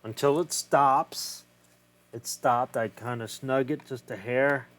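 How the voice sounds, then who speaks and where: Slow, easygoing man narrating a repair. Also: mid-range voice, fairly even intonation, a bit bright. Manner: swears freely, thinks aloud while working. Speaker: retro game collector. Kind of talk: casual hands-on repair vlog.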